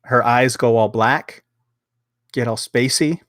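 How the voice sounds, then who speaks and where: A man's voice: medium pitch, steady tone, slow pace, a bit bright, dry recording, studio quality. A man hosting a casual podcast review of a TV episode, rambling along with lots of fillers, restarts and swearing.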